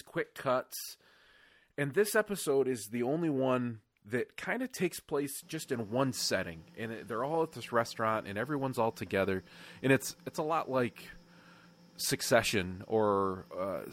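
A man co-hosting a casual podcast chat, talking in a reflective way and thinking aloud. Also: mid-range voice. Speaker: podcast co-host.

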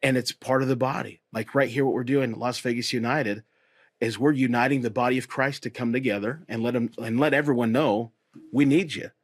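A man, a pastor and host, talking earnestly and encouragingly about faith in a relaxed conversation. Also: medium pitch, brisk, dry recording, clean studio sound. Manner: earnest, encouraging, repeats phrases.

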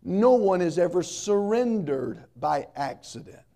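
Emphatic preacher, mellow tone. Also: male voice, sits high, sing-song, unhurried, gravelly. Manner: emphatic preaching with repetition and humor. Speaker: pastor. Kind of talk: sermon.

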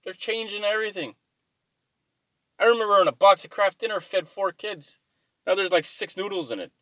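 A man's voice: sits high, normal speed, sharp tone, dry recording. A man rambling through an exasperated, profane comic rant to his viewers, swearing freely as he complains. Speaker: vlogger.

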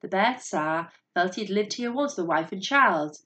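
A woman narrating a story in a steady, measured voice. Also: mid-range voice.

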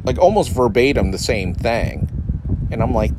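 A man's voice: medium pitch, very animated, normal speed, background noise. A man ranting in a casual, rambling way, sarcastic, full of restarts and swearing, mocking other people's voices as he goes. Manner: frequent restarts and profanity. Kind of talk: casual rant.

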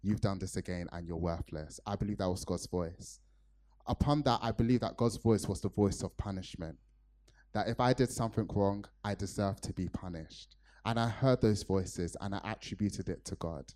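A man's voice: lowish voice, moderate pace, a little mellow. A man from Nigeria preaching a sermon to his church, telling a personal story earnestly with frequent fillers.

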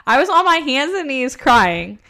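A woman's voice: sits high, sing-song, moderate pace, bright, forceful tone. A woman in her thirties co-hosting a casual podcast, telling stories bluntly and swearing freely. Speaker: podcast co-host. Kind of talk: casual chat.

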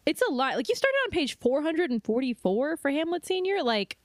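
A young woman co-hosting a casual comedy book podcast, giggly and playful, with sudden loud mock wails. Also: high-pitched, very animated, fairly quick, no room sound. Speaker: podcast co-host.

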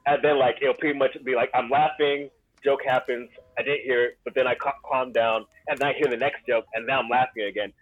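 Male co-host, husky voice over a dry, tinny phone-quality line, laid-back chat. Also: mid-range voice, fairly even intonation, a little fast, no room sound, soft background music. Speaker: podcast co-host. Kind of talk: casual chat.

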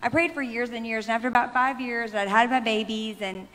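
A woman's voice: fairly high pitch, fairly even intonation, brisk, a bit bright. Heartfelt woman giving testimony, echoing hall. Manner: heartfelt, rambling, with many restarts. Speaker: panelist sharing testimony. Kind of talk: personal faith testimony on stage. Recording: long hall reverb.

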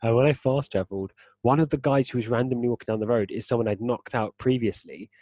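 A man's voice: mid-range voice, quick pace, dark tone, no echo. A young man in casual gaming chat, explaining at length and laughing often as a podcast co-host.

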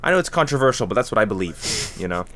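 A man's voice: fairly low pitch, very animated, quick pace, fairly bright tone. A man co-hosting a podcast in casual chat, laughing often and swearing freely as he jokes through his asides. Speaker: podcast co-host.

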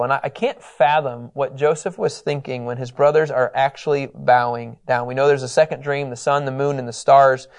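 A man teaching a Bible lesson in a conversational, animated way, acting out the quotes. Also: medium pitch.

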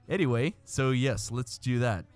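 A man's voice: medium pitch, a little slow. Joking male podcast host, faint music behind. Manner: joking, deadpan asides. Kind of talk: casual podcast chat.

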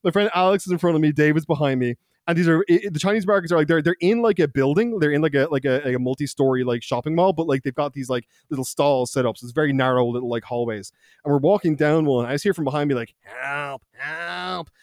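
A man's voice: a little high, fast, a little mellow, no room sound, studio quality. A profane, laughing man with a raised voice. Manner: profane, laughing, quotes people in put-on voices. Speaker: podcast co-host. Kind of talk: casual storytelling.

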